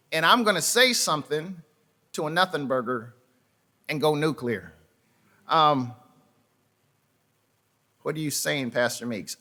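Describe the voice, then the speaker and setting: Male pastor, unhurried sermon delivery, bright voice, halting, folksy storytelling. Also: on the high side. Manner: folksy storytelling with asides to the congregation; halting, repeats words and restarts. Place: church sanctuary.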